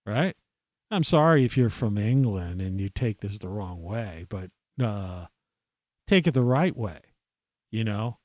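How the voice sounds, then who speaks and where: A man's voice: fairly low pitch, lively intonation, unhurried, darkish tone, dry recording. American male podcast host, angry rambling rant, heavy swearing, dry close sound. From United States. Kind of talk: profane ranting monologue.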